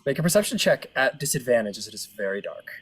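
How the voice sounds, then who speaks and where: A man narrating a tabletop role-playing game as dungeon master, relaxed and laughing often. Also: mid-range voice, fast, breathy edge, low-quality recording.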